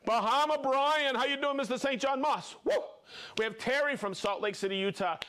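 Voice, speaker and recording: A man hosting a live stream, upbeat, reading off viewer names and places with quick friendly asides. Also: extremely high pitch, pushed and bright, clear, resonant tone. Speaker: livestream host.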